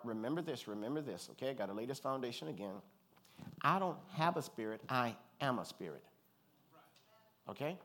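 A man from Louisiana preaches a relaxed, conversational sermon at a middle pitch. He tells stories with humor and keeps checking in with his listeners. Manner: animated storyteller, joking asides, calls for congregation response. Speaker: pastor.

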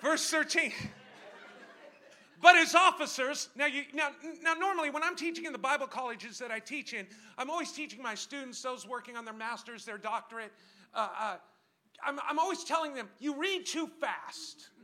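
High, bright-voiced shouting preacher man. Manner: swings from quiet asides to shouted, drawn-out exhortation; emphatic, repeats phrases and asks the crowd questions. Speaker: guest preacher. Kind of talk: sermon.

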